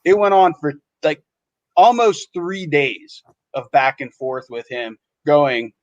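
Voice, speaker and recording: A man's voice: a little high, expressive, slow pace, no echo. A man, a podcast co-host, telling a story in casual chat and acting out other people's lines in shifting voices. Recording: dull lo-fi sound.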